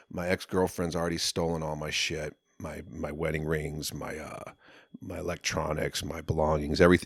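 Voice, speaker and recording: A man telling a long personal story in casual podcast talk, profane and animated, sometimes shouting as he relives moments. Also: sits low, no echo, studio quality. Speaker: podcast guest.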